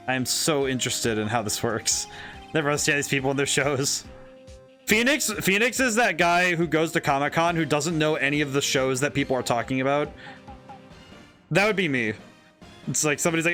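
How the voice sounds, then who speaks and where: A young man commentating casually on a game he is streaming, excitable and quick to laugh as he reads the text aloud. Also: fairly high pitch, soft background music. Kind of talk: casual let's-play commentary.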